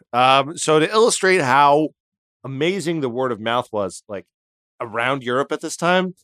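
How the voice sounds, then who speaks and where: A man's voice: mid-range voice, no room sound, studio quality. A man hosting a comedy podcast, casually telling a history story and acting out the characters in it. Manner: animated, acts out characters in the story.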